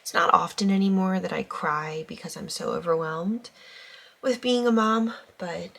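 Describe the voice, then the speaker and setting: A woman in her thirties chats to the camera at home as a family vlogger, her voice sitting a touch low. She gushes over little things and talks easily, now and then turning to her kids. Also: fairly even intonation, a little slow, vocal fry, a bit bright. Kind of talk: casual vlog chat.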